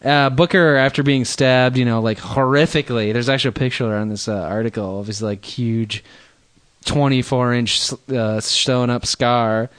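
A mid-pitched man trading crude jokes as a podcast co-host. He recounts grim news stories in a loose, irreverent way. The sound is dry and close, with no room around it. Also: steady tone, normal speed, fairly bright tone, clean tone, dry recording. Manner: irreverent, joking, reads out news quotes. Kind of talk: casual crude banter about news.

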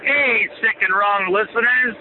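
A man voicing a crude, boastful trucker in a comic fake ad, delivered as a brash, vulgar sales pitch. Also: a little slow, slight background noise. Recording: tinny phone-like line.

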